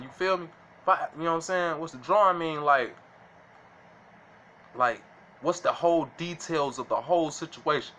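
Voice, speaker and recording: Casual vlogger, man, slangy and bright, faint noise behind. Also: fairly high pitch, normal speed, pauses often, highs cut off. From Illinois. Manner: slangy, keeps asking "you know what I'm saying". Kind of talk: casual monologue to camera.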